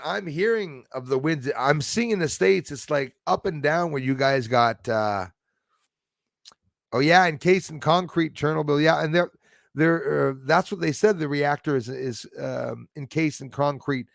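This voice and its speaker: A man's voice: fairly high pitch, vocal fry, dry recording, studio quality. A man hosting a casual livestream, chatting with viewers by name and often stumbling over his words. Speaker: livestream host reading chat.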